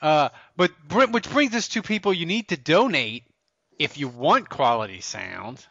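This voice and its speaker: A man hosting a casual podcast, rambling and correcting himself as he talks, quick to laugh. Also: on the high side, very animated, vocal fry, bright, forceful tone, no echo. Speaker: podcast host. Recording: dull lo-fi podcast audio.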